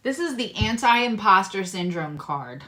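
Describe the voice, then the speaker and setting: A woman giving a casual tarot reading to her viewers, chatty and animated, swearing casually and swinging between loud bursts and soft asides. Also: mid-range voice, unhurried. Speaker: tarot reader and astrologer.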